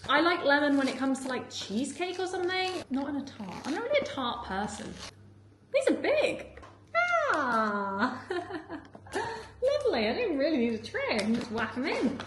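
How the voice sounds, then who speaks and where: A woman's voice: sits high, big pitch swings, normal speed, a bit bright, reverberant, slight background noise. A woman vlogging casually while she cooks at home, chatty and full of "like", laughing often. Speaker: food vlogger. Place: home kitchen.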